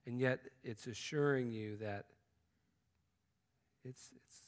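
A man preaching a sermon, swinging from loud exclamations to hushed, intimate tones. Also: medium pitch, takes it slowly, clear, resonant tone. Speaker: pastor. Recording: long hall reverb.

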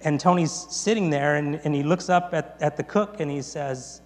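A man preaching a sermon, retelling a story in an animated way, swinging between loud and quiet with quick restarts. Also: on the high side, faint music behind. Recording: long reverb in a large hall, faint mains hum.

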